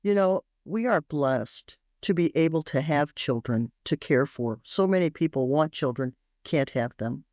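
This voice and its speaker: A woman in her sixties speaks low and measured, with few pauses, on a dry, clean studio recording. A parenting expert guesting on an interview, she tells stories animatedly and acts out the voices she quotes. At moments she grows tearful during this storytelling interview chat.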